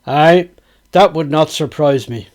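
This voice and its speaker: A man with a Dublin accent voicing a blunt, mocking young sailor held as a galley slave, pitched higher and quicker than his own voice. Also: darkish tone. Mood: teasing.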